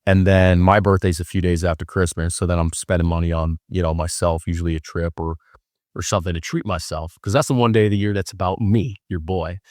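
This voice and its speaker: A man's voice: sits low, fairly even intonation, a little fast, darkish tone, dry recording, studio quality. A young man hosting a podcast, telling stories in a loose, joking way with lots of fillers. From Wisconsin. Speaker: podcast host. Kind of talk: casual storytelling monologue.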